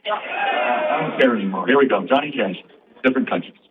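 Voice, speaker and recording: A man doing stand-up comedy on stage, bantering quickly and playfully with the crowd. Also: medium pitch, lively intonation, very noisy. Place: stage before a live audience. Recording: tinny far-off stage recording with music.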